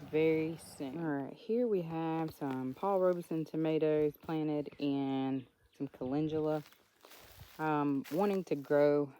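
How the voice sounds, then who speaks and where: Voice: mid-range voice, darkish tone, slight background noise. A homestead vlogger giving a casual, upbeat walking tour of a home garden outdoors, chatty with small laughs.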